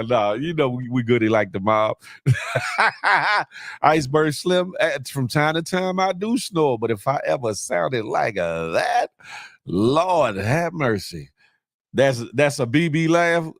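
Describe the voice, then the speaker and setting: Animated man hosting a live morning show. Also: fairly high pitch, moderate pace, few pauses, no echo, clean studio sound. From Washington, D.C. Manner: animated, chuckling, greeting viewers by name. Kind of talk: casual livestream chat with viewers.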